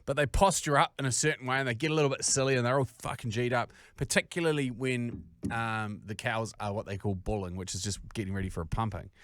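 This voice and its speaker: A man's voice: medium pitch, fast talker. Sweary New Zealand man telling yarns. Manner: sweary, animated storytelling. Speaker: podcast co-host. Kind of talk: casual chat.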